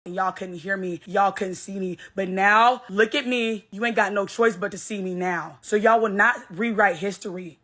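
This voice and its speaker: Brief: young woman creator, brash and blunt, ranting to camera, swears freely, mid-pitched voice. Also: a bit bright. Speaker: social media creator. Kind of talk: selfie video rant.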